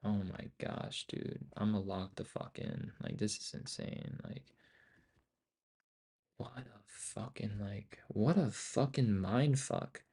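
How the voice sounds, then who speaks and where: A young man giving casual, profane, excitable commentary while trading live, often talking to himself. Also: lowish voice, slow, husky. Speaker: day trader streaming live.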